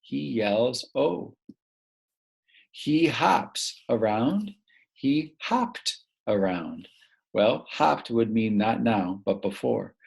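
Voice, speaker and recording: Slow gravelly man teaching grammar. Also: on the low side, expressive. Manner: slow, patient, prompting pauses and answers. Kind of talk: recorded grammar lesson for young children.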